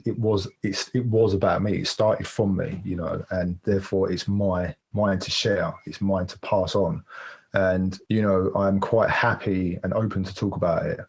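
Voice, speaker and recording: A man telling a personal story as a podcast guest, rapid and vivid, with frequent restarts. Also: sits low, darkish tone, breathy edge.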